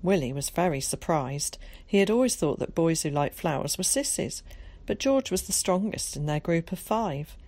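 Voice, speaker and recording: Low-voiced woman narrating a storybook. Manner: steady, measured reading that shifts into character voices for quotes. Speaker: audiobook narrator.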